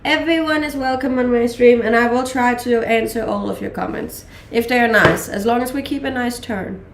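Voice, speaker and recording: A Danish woman in her late twenties talks casually on her live stream, her English carrying a blend of accents. Her voice has some fry and a gravelly edge, and it sits in an echoey room. She chats loosely, full of ums and small laughs. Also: a little high, moderate pace, background noise. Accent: Danish with mixed English accents. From Denmark. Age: late 20s. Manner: chatty, many ums and laughs. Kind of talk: casual chat reading live chat.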